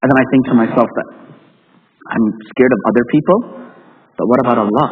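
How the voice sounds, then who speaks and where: A man giving a Friday sermon as an imam, shifting from quiet storytelling to loud, impassioned preaching. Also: medium pitch, fast. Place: mosque prayer hall. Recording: dull lo-fi recording in a reverberant hall.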